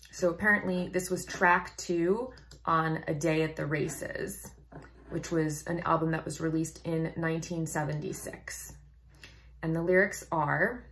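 Woman vocal coach with a low voice, casual reaction commentary, thoughtful and quick to laugh. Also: fairly bright tone. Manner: thoughtful, reads text aloud, laughs often.

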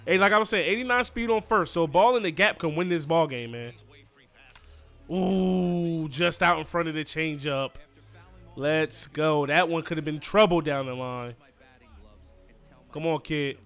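A man's voice: on the high side, fairly bright tone. A man giving casual play-by-play commentary over his own video game, cheering his players on and often asking "you know what I mean.". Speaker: gaming YouTuber. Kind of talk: live play-by-play gameplay commentary.

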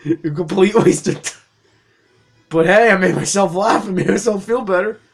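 A young man gives loose, casual let's-play commentary into a desk mic, loud and giggly with plenty of swearing. His voice sits a touch high for a man. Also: normal speed, vocal fry, slightly rough, soft background music. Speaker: gaming channel host.

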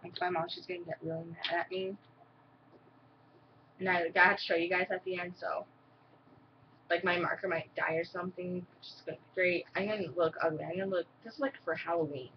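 A woman's voice: on the low side, a little fast. Rambling teen girl on lo-fi webcam. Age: teens. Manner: rambling, filler-heavy, excitable. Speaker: vlogger. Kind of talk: casual chat to camera. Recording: dull lo-fi webcam audio with faint noise.

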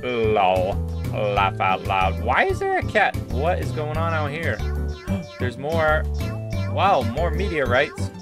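A woman giving casual, excitable commentary while playing a video game, often breaking into panicked shouts and squeals. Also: low-pitched, takes it slowly. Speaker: gaming video host. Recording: loud game music behind. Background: loud game music.

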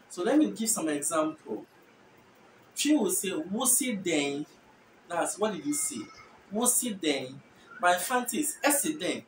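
A Ghanaian-accented speaker whose first language is Efutu hosts a casual explainer, thinking aloud and often correcting themself mid-sentence. The voice sits at a middling pitch and sounds set back from the mic in a roomy, echoing space with a faint hiss behind. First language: Efutu (Guan). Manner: thinks aloud, self-correcting, hedging asides. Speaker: host explaining language differences. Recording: echoey room, distant mic, faint noise.

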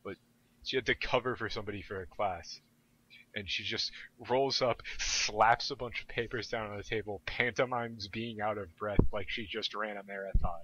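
A young man telling stories in casual podcast chat, self-deprecating and animated. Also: fairly low pitch, normal speed, lo-fi sound, a little hiss or hum. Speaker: podcast guest.

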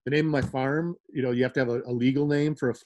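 A middle-aged American Midwesterner, here as a guest and rave promoter, races through rambling stories in casual conversation, laughing often and using lots of fillers. His voice is medium-pitched and steady, with a darkish tone.

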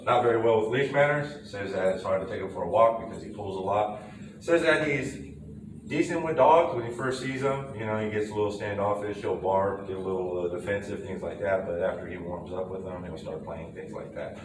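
Relaxed man, distant and echoey. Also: deep voice. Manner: relaxed, loose, many fillers. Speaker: dog trainer. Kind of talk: casual explanatory talk to camera. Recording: roomy, distant camera audio with background noise.

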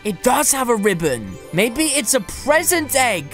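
A high-pitched woman narrates a game roleplay in a gushing, exclamatory rush. She voices her characters between her own reactions, and clear background music runs under her voice. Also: very animated, a little slow. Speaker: gaming video creator. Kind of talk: excitable roleplay narration over gameplay.

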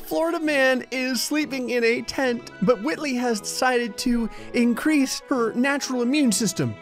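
An excitable man narrates gameplay in a high voice, with frequent exclamations and bursts of laughter. His let's-play commentary runs over faint background music. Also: normal speed, hardly any pauses. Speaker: gaming YouTuber.

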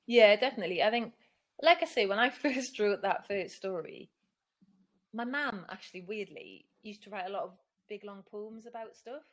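A woman's voice: mid-range voice, normal speed. A middle-aged woman author talking casually in an interview, chatty and self-deprecating, acting out other people's lines as she tells stories. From Newcastle, England. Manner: chatty, self-deprecating, acts out quoted voices. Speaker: picture book author, guest.

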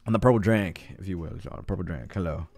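A young man streaming a game live, talking casually, swearing often and cheering loudly at the screen. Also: sits low, quick pace, gravelly. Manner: hyped and jittery, swears a lot, cheers loudly. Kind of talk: casual live-stream chat while gaming.

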